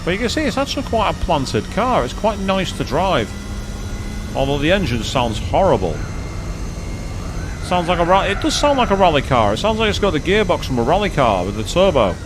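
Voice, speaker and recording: A man chatting excitedly as he commentates his own racing game play, thinking aloud to viewers. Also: fairly high pitch, a little fast, noisy background. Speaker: gaming streamer. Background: game music and engine sounds.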